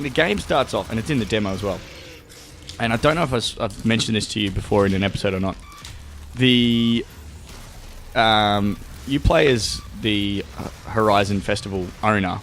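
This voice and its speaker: A young Australian man co-hosts a gaming show, chatting casually while playing, rambling, swearing, and laughing often as he tells stories. His voice is on the low side, creaky, and a bit bright, with slight background noise.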